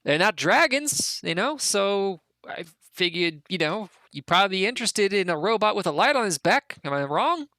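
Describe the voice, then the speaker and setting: Guy doing a squeaky goblin who won't stop rambling, fast and excited, dry mic. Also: no room sound, full character voice. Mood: eager. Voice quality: high, quick and eager.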